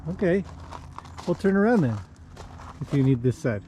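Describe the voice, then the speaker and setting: A man's voice: a little high, very animated, moderate pace, dark tone, a little hiss or hum. A man chatting casually in a vlog while walking outdoors among his horses, greeting them in a lifted, sing-song voice. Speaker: horse trainer and owner. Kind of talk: casual walk-and-talk vlog.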